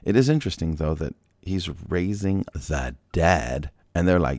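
Deep-voiced man reading scripture. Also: animated, measured pace, a little mellow, no room sound. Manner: casual, joking asides with laughs and sighs. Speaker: Bible reader. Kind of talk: scripture reading with casual commentary.

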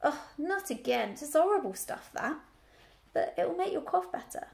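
A woman's voice: high-pitched, sing-song, moderate pace, gravelly, voice pushed up, heavily acted. Woman doing a grumbling old country ewe. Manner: rustic grumbling.

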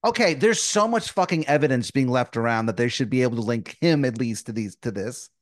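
Exasperated man with a lively voice. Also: mid-range voice, brisk, no echo, studio quality. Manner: exasperated, blunt. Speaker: podcast co-host playing along. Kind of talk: improvised comedic role-play.

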